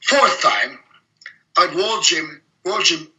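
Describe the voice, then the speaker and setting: Blunt, forceful man. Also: on the high side, slow pace, poor audio. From Germany. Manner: blunt, profane, animated anecdotes with frequent laughs. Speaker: interview guest, bodybuilder. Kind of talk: casual interview storytelling.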